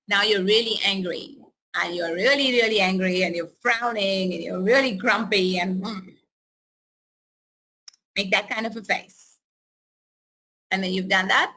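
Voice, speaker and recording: Woman running a pregnancy class online, bright crisp voice, calm step by step breathing cues. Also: medium pitch. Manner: instructive, calm step-by-step coaching. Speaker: prenatal educator. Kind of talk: webinar talk with guided breathing exercise.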